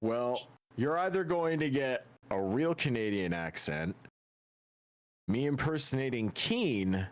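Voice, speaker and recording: A man's voice: mid-range voice, animated, slow pace. A young man co-hosting a game stream, trading jokes and wisecracks in casual banter. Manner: wisecracking, jokey. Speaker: co-host of a let's play stream.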